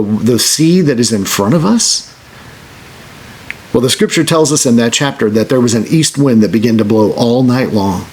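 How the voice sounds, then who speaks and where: A man preaching a sermon as pastor, earnest, restarting phrases and slowing down on scripture. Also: medium pitch, lively intonation, a little mellow, breathy edge. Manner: earnest, repeats words when starting a phrase.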